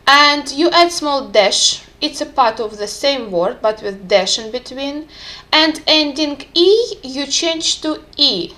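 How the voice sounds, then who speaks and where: Slow-speaking woman teaching vocabulary. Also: sits high, expressive, pushed and bright. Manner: careful, clear pronunciation with repeated examples. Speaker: language teacher.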